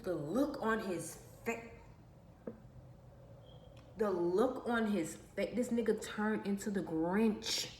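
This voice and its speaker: A woman's voice: medium pitch, slow pace, pauses often, a little mellow. A woman vlogger telling a personal story in an emphatic, aggrieved way, repeating her phrases, in an echoey room. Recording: echoey room with faint background noise.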